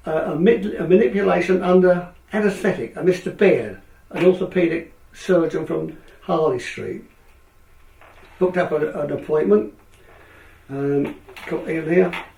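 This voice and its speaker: A former speedway rider from England, now older, recounts a long tale in a creaky voice on the high side. Animated throughout, he acts out what the other people said. The room is echoey and the mic sits at a distance.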